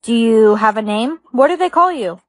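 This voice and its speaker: A cautious young man, as a woman acts him out, who explains things plainly and matter-of-factly. The voice sits high and sounds dry and close, with no room around it, as in a short online POV skit. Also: lively intonation, moderate pace, dry recording, lightly acted. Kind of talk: TikTok POV skit acting.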